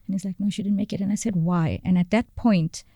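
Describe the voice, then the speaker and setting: A woman, a podcast guest telling a personal story in a halting way, searching for words and repeating phrases. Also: mid-range voice, fairly even intonation, mellow, dry recording, studio quality.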